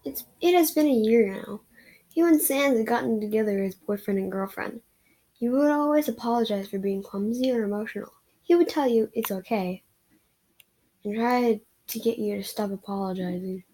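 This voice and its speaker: A woman's voice: fairly high pitch, normal speed, mellow, low-quality recording. A woman reading a romance fan story aloud in a casual way, sometimes stumbling over words. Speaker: reader of fan fiction.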